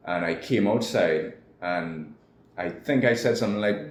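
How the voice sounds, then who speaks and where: A man's voice: sits low, measured pace. A man with a Trinidadian accent, a guest telling his personal story candidly in an interview. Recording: echoey room with faint noise.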